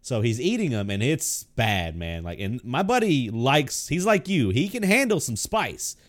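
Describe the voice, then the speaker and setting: A man in casual chat who laughs often, swears and reacts loudly while telling his own story. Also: mid-range voice, big pitch swings, measured pace.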